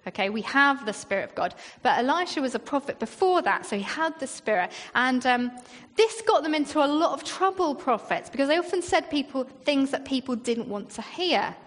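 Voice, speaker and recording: A woman's voice: high-pitched, lively intonation, fairly quick, fairly bright tone. A woman, a church leader preaching a sermon in a chatty way, full of rhetorical questions and acted-out quotes. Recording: long reverb in a hall.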